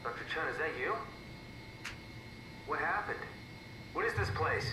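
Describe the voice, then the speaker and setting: A man's voice: fairly high pitch, expressive, unhurried, recorded from a distance. A frightened man trapped in an empty simulation, pleading and repeating himself in rising panic, his voice swinging widely. The sound is roomy and set back from the mic, with game ambience hissing underneath. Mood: panicked.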